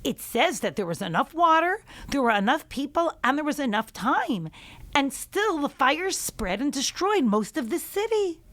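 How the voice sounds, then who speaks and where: A woman's voice: high voice, sing-song, moderate pace, a bit bright, no room sound, pitched above the performer's own voice. A woman voicing a stern male governor in a children's story, exasperated and lecturing. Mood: concerned.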